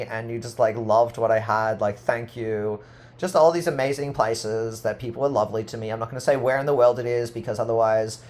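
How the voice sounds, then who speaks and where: A man in a rambling personal monologue to camera, full of "like" fillers, swinging from loud boasting to low murmuring. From Australia. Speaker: artist vlogger.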